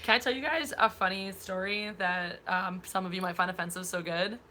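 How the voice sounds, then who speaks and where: A woman co-hosting a casual live stream chat, telling stories in an animated way and laughing often. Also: medium pitch, a little fast, slight background noise.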